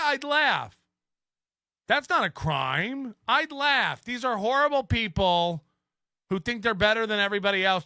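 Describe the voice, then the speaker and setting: Male podcast host, high bright voice, sarcastic ranting commentary, laughs at himself. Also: dry recording, clean studio sound. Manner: mocking, sarcastic, laughs at own remarks.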